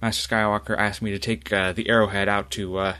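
A man's voice: fairly low pitch, little pitch movement, quick pace, pushed and bright, smooth. A man voicing a friendly young male student pilot in a tabletop game, hesitant and full of fillers.

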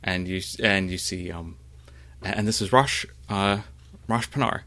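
A man narrating a tabletop role-playing game as game master, halting, with frequent fillers. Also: low voice, sharp tone.

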